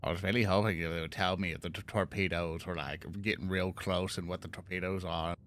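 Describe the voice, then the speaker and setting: A man playing in a tabletop game, excitable and swearing as he talks. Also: low voice, fairly quick, a little hiss or hum. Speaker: player. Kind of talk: casual tabletop play.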